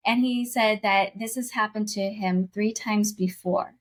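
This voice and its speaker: A woman speaking as a podcast guest, recounting a deeply personal faith story. Her delivery is earnest and heartfelt. She is casual and full of everyday fillers, and she stops to correct herself mid-thought. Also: fairly even intonation, unhurried.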